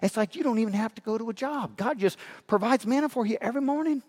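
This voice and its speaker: A man's voice: very high-pitched, fast talker, a little mellow, big-room sound, pitched above the performer's own voice. A male preacher voicing an exasperated older prophet, grumbling under his breath at complainers. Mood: fed up. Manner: muttered, grumbling.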